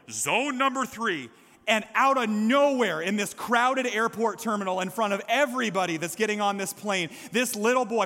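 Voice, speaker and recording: A man's voice: high voice, sharp tone, big-room sound. A male pastor preaching a sermon in a church sanctuary, impassioned and building to calls for response.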